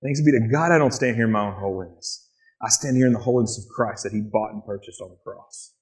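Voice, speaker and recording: A man preaching a sermon in a church, lively and animated, often acting out excited quotes in a higher voice. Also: quick pace. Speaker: pastor.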